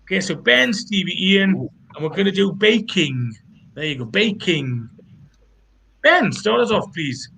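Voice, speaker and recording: High, gravelly Geordie man. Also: big pitch swings, measured pace, bright, forceful tone, slight background noise. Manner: teasing, chatty, self-mocking. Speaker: host of a pun contest. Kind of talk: casual banter.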